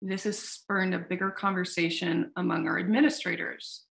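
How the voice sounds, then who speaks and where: A woman founder talking casually in an interview, telling a story with animated, acted-out quotes and casual swearing. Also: lowish voice, moderate pace, gravelly. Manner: animated storyteller who acts out quoted dialogue. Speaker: founder of a sex tech company, podcast guest.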